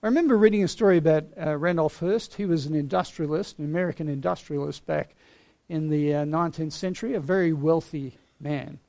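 A middle-aged man delivers a sermon from the pulpit, his voice slightly high for a man and edged with gravel. He speaks earnestly, telling stories and letting key words settle with gentle pauses. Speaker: pastor.

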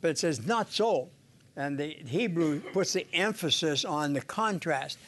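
An older man giving an informal sermon on scripture, halting, with many "uh"s, restarts and little chuckles. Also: a little high, expressive, a bit bright. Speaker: Bible teacher.

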